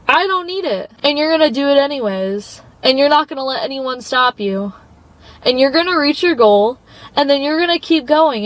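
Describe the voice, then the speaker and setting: High-voiced young woman cheering viewers on. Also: low-quality recording. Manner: earnest and encouraging, calls viewers babe. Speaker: vlogger. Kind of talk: casual motivational talk to camera. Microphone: phone propped up.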